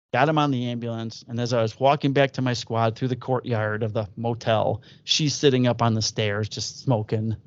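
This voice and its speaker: A man, a police officer and podcast co-host, telling a story from work in a casual, profane, animated way. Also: mid-range voice, no echo. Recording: dull lo-fi dry audio.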